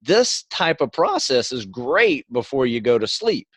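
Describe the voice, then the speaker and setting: A middle-aged man co-hosting a podcast, explaining things in a relaxed, casual way and often adding "you know" and "right". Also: medium pitch, measured pace, no room sound, clean studio sound. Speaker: podcast co-host.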